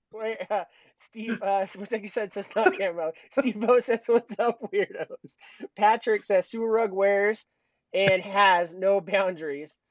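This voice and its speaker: On dull, lo-fi stream audio with no room sound, a high-voiced podcast co-host speaks unhurriedly. He jokes and rambles through a casual livestream chat, often laughing while reading the chat aloud.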